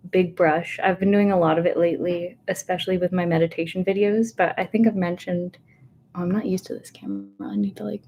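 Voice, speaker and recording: A woman in her thirties rambles softly through a livestream chat, full of fillers and little asides. Her voice is warm and mellow, with a touch of nervousness, recorded at home on a webcam. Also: medium pitch, slight background noise. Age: 30s. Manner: rambling, chatty, self-interrupting with fillers. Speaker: ASMR host. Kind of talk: soft-spoken livestream chat. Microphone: webcam setup.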